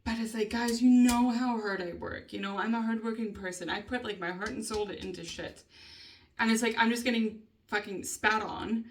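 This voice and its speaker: A woman's voice: fairly high pitch, fairly even intonation, moderate pace, distant mic, a little hiss or hum. A woman vlogger venting in a rambling, casual way, swearing heavily and laughing often between thoughts. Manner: rambling, heavy swearing, frequent nervous laughter.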